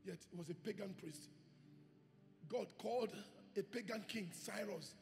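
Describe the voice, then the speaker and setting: A male pastor preaching a sermon with emphatic delivery, rising to shouts and acting out quoted voices. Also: sits high, measured pace, creaky, long pauses. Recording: reverberant hall with faint music.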